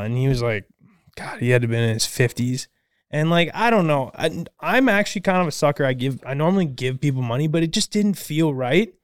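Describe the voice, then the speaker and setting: A man from Minnesota, co-hosting a podcast, telling a story in an animated, casual way and swearing freely. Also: mid-range voice, moderate pace, clean tone, dry recording, studio quality. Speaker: podcast co-host.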